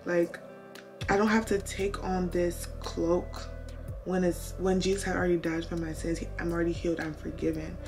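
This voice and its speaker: A woman's voice: on the low side, a little mellow. A woman in her twenties chatting to camera while doing her makeup, earnest and full of "like", giving faith-based advice to her viewers. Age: 20s. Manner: chatty and earnest, heavy use of "like"; faith-filled, advising viewers. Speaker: beauty vlogger. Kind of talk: casual chat to camera. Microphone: camera mic while doing makeup.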